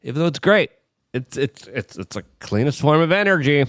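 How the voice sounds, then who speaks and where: This man runs an informal political commentary show, lively and sprinkled with mockery, frequently putting on high, overblown voices to mimic people. His delivery is brisk, and the recording is dry.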